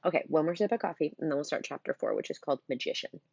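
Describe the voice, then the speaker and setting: A woman's voice: deep voice, very fast, gravelly, a little mellow, slightly rough, dry recording, highs cut off. A middle-aged woman reading a children's novel aloud, with chatty, punny asides to her listeners. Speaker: storybook reader.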